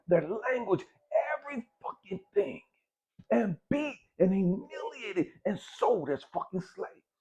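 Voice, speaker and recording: A middle-aged man giving a blunt, profane motivational exhortation, hammering his points with repetition. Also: high voice. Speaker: motivational speaker. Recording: dull lo-fi recording.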